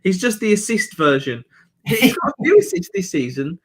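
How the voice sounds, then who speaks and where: A man's voice: high-pitched, wildly swooping pitch, normal speed, breathy edge. A man with a Birmingham accent hosting a live match reaction stream, chatting bluntly about the game. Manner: blunt, chatty football banter. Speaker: football channel host.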